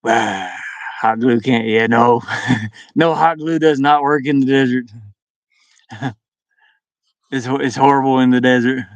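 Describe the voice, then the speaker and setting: A man's voice: medium pitch, fairly even intonation, measured pace, long pauses, no room sound. A young man chatting casually to his live-stream viewers from inside his van, rambling, laughing often and restarting his words.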